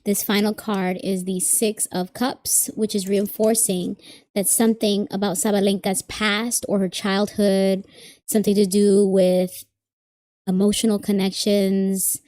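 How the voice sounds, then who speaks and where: A woman's voice: medium pitch, flat delivery, a little slow, dark tone, dry recording. A woman giving a live tarot reading, chatting casually and thinking aloud with plenty of asides. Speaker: tarot reader.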